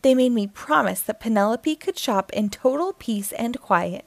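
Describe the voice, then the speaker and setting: A woman voicing an excitable, chattery cartoon duck woman in a storybook reading, loud and eager. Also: a little high, normal speed, creaky, no room sound. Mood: excited.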